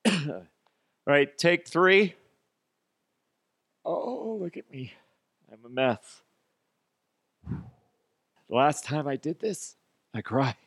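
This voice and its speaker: A man's voice: on the high side, sing-song, extremely slow, long pauses, a bit bright, no room sound, clean studio sound, voice pushed up, full character voice. A man playing a flustered male executive who fumbles and keeps restarting while rehearsing a tearful speech. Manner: theatrical, fumbling, mock-tearful.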